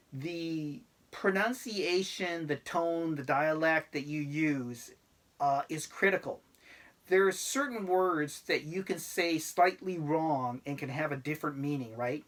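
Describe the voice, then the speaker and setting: A middle-aged man talking casually to camera about life abroad, rambling and laid-back with many fillers. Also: fairly high pitch. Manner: laid-back, self-deprecating. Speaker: expat vlogger.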